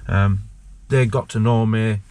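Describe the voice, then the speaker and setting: A man, a former prisoner, telling his story with halting emotion and many restarts. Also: fairly low pitch, fairly even intonation, darkish tone. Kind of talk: candid personal storytelling.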